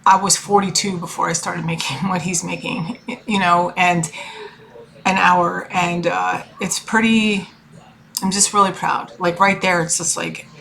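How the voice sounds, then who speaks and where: A woman's voice: fairly low pitch, steady tone, measured pace, vocal fry, fairly bright tone. Emotional, rambling middle-aged woman. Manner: emotional, rambling, full of fillers and restarts. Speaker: tarot reader and life coach. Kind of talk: personal vlog monologue.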